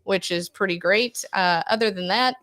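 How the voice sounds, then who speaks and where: Middle-aged woman rattling off a story on a podcast, animated, lots of asides. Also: medium pitch, normal speed. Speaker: podcast co-host. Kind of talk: casual storytelling chat.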